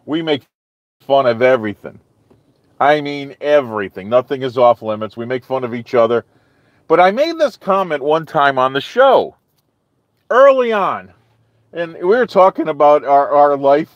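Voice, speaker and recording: A man's voice: a little high, expressive, normal speed, no echo, dull audio. A man hosting a live stream, chatting casually with viewers in a rambling way full of "okay?" and "you know".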